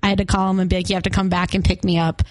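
A woman's voice: lowish voice, little pitch movement, racing, no echo. A young woman co-hosting a morning radio show, chatty and laughing often as she talks about concerts and travel. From Arizona. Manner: chatty, laughs often, country music fan.

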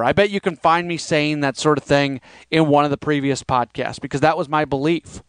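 High, smooth-voiced man hosting a podcast. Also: steady tone, fairly quick, no echo. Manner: rambling, conversational, mimics critics' voices. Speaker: podcast host. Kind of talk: solo sports podcast monologue.

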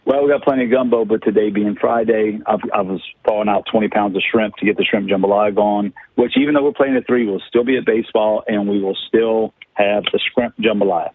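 A man's voice: lowish voice, fairly even intonation, fairly quick, few pauses, no echo. A man from south Louisiana with a Cajun accent, a radio guest talking baseball in a folksy, joking way over a phone line. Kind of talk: casual chat on a call-in.

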